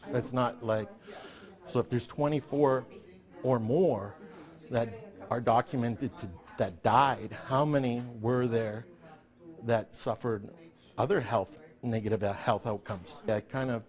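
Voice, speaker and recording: A man giving an interview, answering hesitantly with pauses as he thinks aloud. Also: medium pitch, steady tone. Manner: hesitant, many fillers and restarts while thinking aloud.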